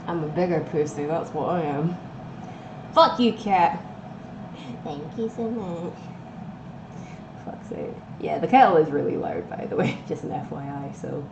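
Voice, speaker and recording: A woman's voice: low voice, expressive, unhurried, long pauses, highs cut off. A young woman chatting casually with her stream viewers, swearing freely and easily amused. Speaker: livestreamer. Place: home kitchen indoors. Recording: echoey room with loud background noise.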